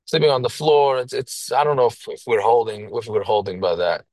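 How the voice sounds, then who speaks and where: A man's voice: medium pitch, steady tone, a little fast, darkish tone, dry recording, low-quality recording. Man teaching text, dry close sound. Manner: reads Hebrew phrases then explains in English, with restarts. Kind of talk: reading and translating a Hebrew text line by line.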